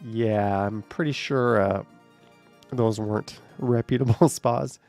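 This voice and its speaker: A man's voice: medium pitch, takes it slowly, a little mellow, faint music behind. A man hosting a casual livestream, reading out chat comments with joking, sarcastic asides and a bit short of breath.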